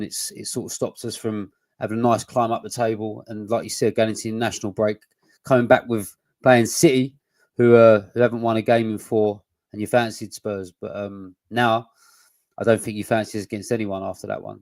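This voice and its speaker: A man's voice: fairly low pitch, a little mellow, no room sound. A man, co-hosting a casual football podcast, blunt and sweary with rambling restarts. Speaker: podcast co-host.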